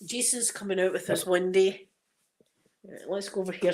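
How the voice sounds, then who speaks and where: A woman's voice: lowish voice, brisk, very noisy. A Scottish woman chatting casually while showing viewers around her home, rambling and laughing often, on a phone she carries around. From Scotland. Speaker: ASMR channel host.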